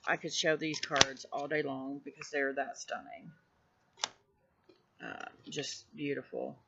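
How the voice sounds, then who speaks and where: Gushing woman with a gravelly edge. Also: very deep voice, fairly even intonation, takes it slowly, highs cut off, a little hiss or hum. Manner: gushing, effusive praise; drops to a hushed voice at times. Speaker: tarot deck reviewer. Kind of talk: casual show-and-tell vlog.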